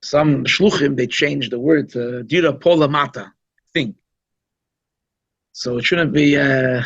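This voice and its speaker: A man's voice: medium pitch, measured pace, fairly bright tone, no room sound. A man, a rabbi, giving an informal, conversational Chassidic talk at a holiday gathering, emphatic and given to asides. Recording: dull, lo-fi recording.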